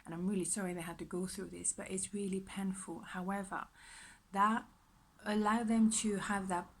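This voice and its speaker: A woman's voice: medium pitch, fairly even intonation, normal speed, husky, low-quality recording. A woman giving a general pick-a-card tarot reading in a chatty, repetitive way. She often drops her voice to a whisper. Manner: soft-spoken, often dropping to a whisper; chatty, repetitive, self-reassuring. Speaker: tarot reader.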